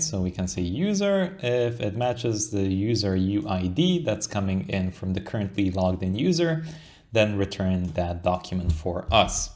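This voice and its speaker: A young coding tutorial instructor, with a lowish, darkish voice, talks through code in a laid-back screen-share session. He thinks aloud as he goes and checks in often with "right?"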